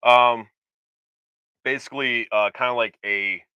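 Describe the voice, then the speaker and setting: A man's voice: medium pitch, steady tone, measured pace, bright, forceful tone, clean tone, dry recording, dull audio. A man co-hosting a casual chat show, rambling and hesitant with lots of fillers and restarts. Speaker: podcast co-host.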